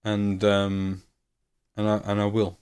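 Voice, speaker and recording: A man's voice: lowish voice, completely flat delivery, slow, a little mellow, clear, resonant tone. A man in his late thirties chatting casually on a live stream while painting miniatures, rambling and joking and laughing at himself. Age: 30s.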